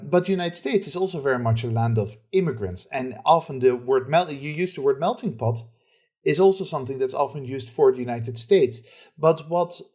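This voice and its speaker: A man's voice: on the high side, a little mellow. A man hosting a podcast, asking long, wordy, probing interview questions. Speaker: podcast host.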